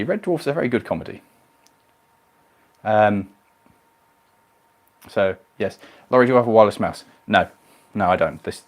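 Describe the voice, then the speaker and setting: A man's voice: sits low, a little fast, pauses often. A man hosting a casual live stream, rambling and self-deprecating as he reads viewer comments.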